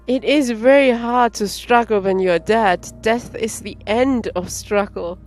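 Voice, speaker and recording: A woman streamer reading the game's text aloud, slow and careful, with laughing asides. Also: a little high. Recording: faint game music behind.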